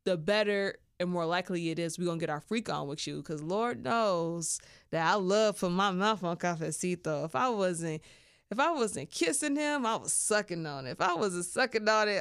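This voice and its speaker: A frank woman hosts her podcast in a loose, chatty monologue and speaks bluntly. Her voice sits fairly low, and the recording is dry and close, with no room echo. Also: animated, moderate pace, smooth. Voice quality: chatty, blunt, full of fillers. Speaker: podcast host.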